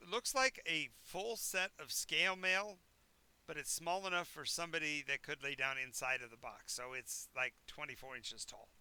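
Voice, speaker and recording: A man's voice: a little high, moderate pace, bright, forceful tone, clear, resonant tone. A man narrating a tabletop game as game master, describing scenes in a rambling, self-correcting way.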